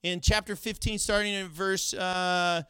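A middle-aged man preaching a sermon, telling a personal story in an animated way with laughing asides. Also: sits high, measured pace, clear, resonant tone, dry recording, studio quality. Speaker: pastor.

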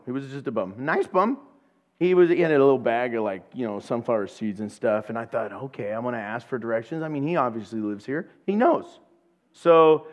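A man preaching a sermon, telling a funny personal story in an animated way and acting out the voices of the people in it. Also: fairly high pitch. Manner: animated storyteller, acts out voices and laughs at his own jokes. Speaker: pastor.

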